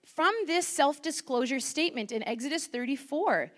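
A woman preaching a chatty, animated sermon, asking the congregation questions into a microphone. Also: high voice, normal speed.

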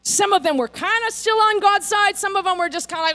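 A woman pastor preaching a sermon, telling a story in a casual, animated way and acting out the characters' lines. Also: very high voice, fast, hardly any pauses.

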